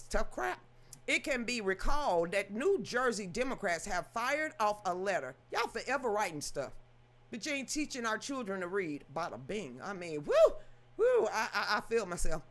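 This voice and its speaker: Sassy, animated woman ranting. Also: fairly high pitch. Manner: sassy, exasperated, mocking. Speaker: political commentary host. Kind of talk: casual political rant.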